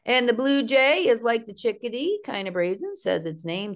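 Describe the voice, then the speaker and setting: A middle-aged woman from Ohio, a naturalist giving an online nature workshop in a chatty, playful way, with a slightly gravelly voice. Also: fairly high pitch, expressive, moderate pace. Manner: chatty, playful, mimics bird calls in sing-song. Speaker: naturalist and art instructor. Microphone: video call.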